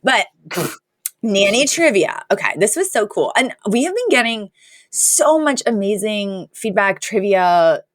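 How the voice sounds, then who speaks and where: A woman's voice: medium pitch, big pitch swings, a little slow, dry recording, studio quality. A middle-aged woman co-hosting a podcast in casual chat, chatty and laughing often. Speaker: podcast co-host.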